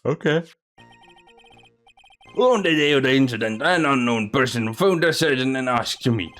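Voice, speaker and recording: A man's voice: medium pitch, expressive, normal speed, a bit bright, soft background music, lightly acted. A man voicing an eager young male police detective who reports dutifully and keeps saying sir. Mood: earnest. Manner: earnest, dutiful, says "sir" often.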